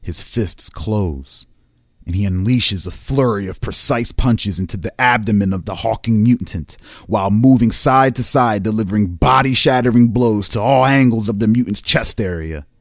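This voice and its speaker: A man's voice: on the low side, moderate pace, no echo, clean studio sound. A man narrating a tabletop game as game master, describing each scene like a camera at work. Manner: cinematic, descriptive scene-setting.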